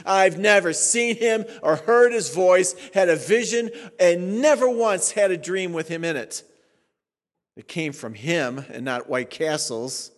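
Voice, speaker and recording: A man in his sixties preaches with animated, sarcastic flair, his voice pitched high for a man. His sermon rings through a church sanctuary with long hall reverb. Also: a little slow. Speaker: pastor.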